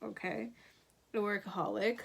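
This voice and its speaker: A woman's voice: medium pitch, moderate pace, gravelly, a bit bright, slightly rough. A woman giving a pick-a-card tarot reading, thinking aloud in a meandering way with many fillers. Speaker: tarot reader.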